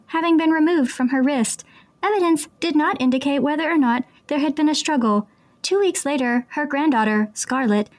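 A woman voicing a precise, matter-of-fact female android aide in a flat robotic delivery, reading a passage aloud. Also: high voice.

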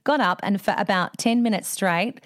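A woman with an Australian accent, co-hosting a podcast and telling a story in an animated, laughing way. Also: mid-range voice, normal speed, no room sound, clean studio sound. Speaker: podcast co-host. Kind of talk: casual storytelling chat.

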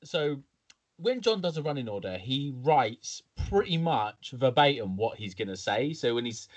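A man's voice: medium pitch, big pitch swings, moderate pace. A man co-hosting a casual podcast, telling a prank story in a giggly, mischievous way. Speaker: podcast co-host.

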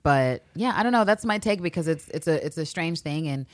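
Low-pitched lady podcaster, swears a lot, acts out the characters, dry close mic. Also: a little fast, no echo. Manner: animated, acts out characters' lines, swears freely. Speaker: podcast co-host. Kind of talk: casual chat.

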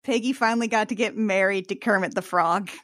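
A woman's voice: medium pitch, a little fast, fairly bright tone, no echo, clean studio sound. A woman co-hosting a podcast, giving wry, casual movie commentary and swearing freely. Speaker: podcast co-host.

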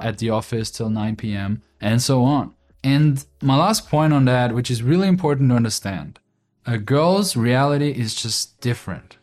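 A man's voice: medium pitch, darkish tone. Blunt Austrian-accented man hosting a podcast. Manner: blunt, informal, swears freely. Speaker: podcast host. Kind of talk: casual podcast monologue.

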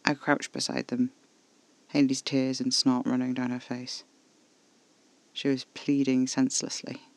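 A man reading scripted first-person horror narration in a measured, level way, close to the mic. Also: mid-range voice, monotone, vocal fry, dry recording, rough recording.

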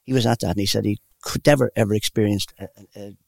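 A man's voice: lowish voice, fairly even intonation, quick pace, gravelly, dry recording. An older man telling rambling personal stories in a casual interview. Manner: rambling, warm anecdotal storyteller. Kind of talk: casual storytelling.

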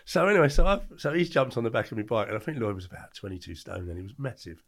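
An older Englishman with a gravelly voice tells his story at a quick clip. He talks casually in an interview and switches into the other people's voices as the story goes. He sounds lively and animated throughout. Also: mid-range voice. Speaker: podcast guest, former doorman.

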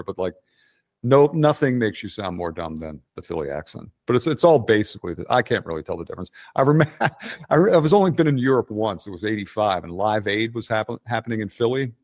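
Speaking quickly in a lowish voice with lively intonation, a Philadelphia-accented man in his sixties from Delaware County, Pennsylvania, is an interview guest. His conversation is casual, blunt, rambling and full of swearing, captured in clean studio sound with no echo.

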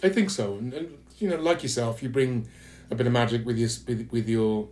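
A man's voice: mid-range voice, a little mellow. A man from London with an English accent, a podcast guest talking candidly and reflectively, often restarting his sentences. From London, England. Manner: earnest, reflective, halting with restarts. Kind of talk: candid conversational interview.

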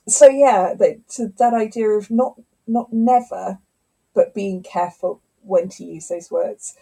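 Animated woman, mellow husky voice. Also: medium pitch, low-quality recording. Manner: animated storyteller, acts out quotes. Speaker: scientist and author, guest. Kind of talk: conversational interview.

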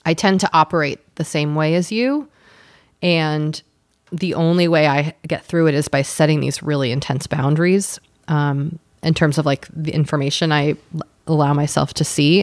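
A woman's voice: low voice, steady tone, normal speed, no echo. A woman co-hosting a casual advice podcast, empathetic and playful. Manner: warm, empathetic, joking. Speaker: podcast co-host.

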